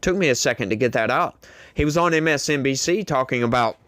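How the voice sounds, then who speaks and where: A man delivers a sarcastic, rambling commentary on politics, heavy on filler words. His voice sits at an ordinary middle pitch and is recorded dry and close, with no room sound. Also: fast, a bit bright, no echo. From rural United States. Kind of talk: casual commentary monologue.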